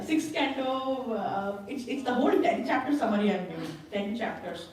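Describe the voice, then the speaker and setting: A woman's voice: a little high, expressive, moderate pace, hardly any pauses, darkish tone, distant mic. Woman retelling scripture in echoey hall. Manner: retells a story with acted quotes and laughs. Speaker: spiritual class speaker. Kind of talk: storytelling scripture class. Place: temple hall.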